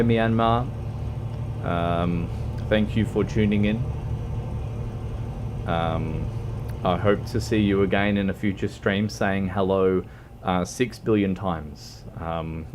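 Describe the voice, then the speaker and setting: A man's voice: low-pitched, noisy background. A man chatting on a game livestream. He rambles and hesitates with lots of ums and keeps joking at his own expense. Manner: self-mocking joker who laughs a lot. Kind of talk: casual stream chat while gaming. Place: at home, wearing a fox costume.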